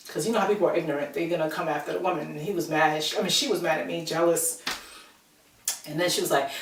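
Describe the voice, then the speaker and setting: A woman telling a personal story to her viewers in a chatty, animated way, acting out the people she quotes. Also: deep voice, fast talker. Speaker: vlogger. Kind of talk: casual storytelling to camera. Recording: roomy echo, from a distance.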